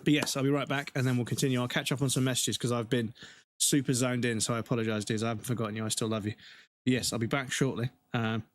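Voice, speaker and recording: A man's voice: medium pitch, level tone, fast, no room sound. A man in his forties streaming a game live, talking casually to his chat and swearing freely. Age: 40s. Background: game music.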